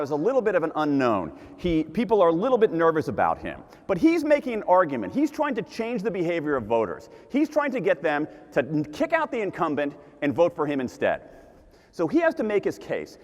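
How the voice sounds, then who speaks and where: A man giving an animated conference talk, repeating his key points for emphasis. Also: high voice. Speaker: conference speaker. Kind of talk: keynote talk to a live audience. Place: large conference hall. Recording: long hall reverb.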